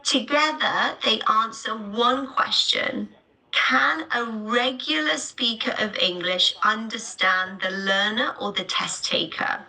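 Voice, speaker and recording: A woman leads a live online lesson, speaking slowly and deliberately. Her voice has a bright, crisp edge, and she spells out each point plainly for her students. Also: on the high side, low-quality recording. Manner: clear, deliberate explanatory delivery. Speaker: teacher. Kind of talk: live online teaching webinar.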